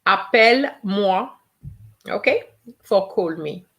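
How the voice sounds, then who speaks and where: A French teacher leads a live online language lesson in a mid-range voice. She is slow and patient, repeating every phrase slowly so learners can hear the correct pronunciation.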